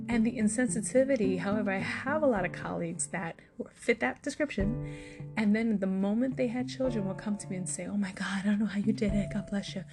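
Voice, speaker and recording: A self-assured woman in her forties with a New York accent talks through her own stories like a podcast host. She sounds chatty and confident, at an ordinary middle pitch. Guitar music plays clearly underneath her voice. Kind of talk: casual personal monologue.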